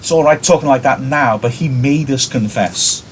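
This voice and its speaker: A resentful, sullen young son, read by a man. The delivery is slow and subdued, in an ordinary mid-range voice. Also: medium pitch, slight background noise, lightly acted, low-quality recording.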